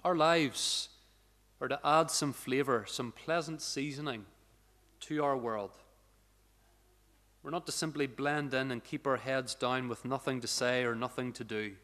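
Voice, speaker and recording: A man preaching a sermon as pastor, earnest and emphatic, slowing down and lifting his voice to stress key points. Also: mid-range voice, steady tone, fairly bright tone. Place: church sanctuary. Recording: long church reverb.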